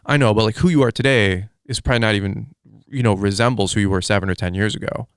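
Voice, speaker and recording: Fast-talking rambling man host. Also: on the low side, clean tone, no echo, clean studio sound. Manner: rambling and excitable, full of fillers like dude and like. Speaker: podcast host. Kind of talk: casual interview chat.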